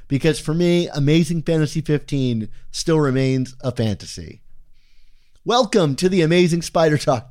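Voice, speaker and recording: A man's voice: on the high side, darkish tone. A man co-hosting a fan podcast, chatting in a playful, wordy, self-deprecating way, his S sounds a little heavy. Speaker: podcast co-host. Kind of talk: casual podcast chat.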